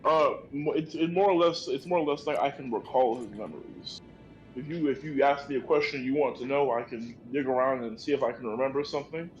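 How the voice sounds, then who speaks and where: A man in the game talks haltingly, padding his lines with ums and restarts. His pitch sits in the ordinary middle, with faint background music. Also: muffled recording. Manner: halting, filler-heavy. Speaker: player. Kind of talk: casual tabletop play.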